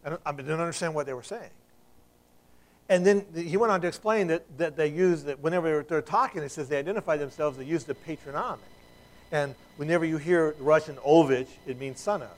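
A man's voice: a little high, a little fast, rough recording. A middle-aged man preaching a sermon in a conversational way, with asides and restarts and emphatic peaks. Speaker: pastor.

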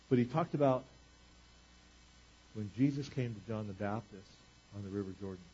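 A man preaching a sermon, moving from quiet earnest talk to booming exclamations. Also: breathy edge, muffled recording. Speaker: pastor.

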